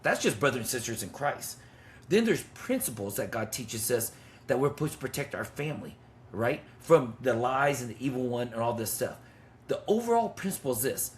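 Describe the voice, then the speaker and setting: A man's voice: mid-range voice, very animated, a little fast, slight background noise. A man in his fifties telling a personal story with intensity and blunt, swearing talk, as a men's ministry leader. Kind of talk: testimony in conversation.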